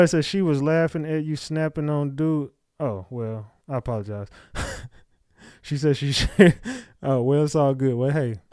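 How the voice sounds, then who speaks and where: A man's voice: a little high, no room sound, clean studio sound. A man hosting a livestream, reading chat comments aloud and snapping back at viewers in blunt, profane casual talk. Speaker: livestream host.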